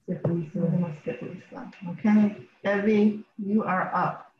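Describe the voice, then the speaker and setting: A woman leading a casual group session over a video call, encouraging and unhurried. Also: medium pitch, steady tone, reverberant, highs cut off, slight background noise. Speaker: group facilitator.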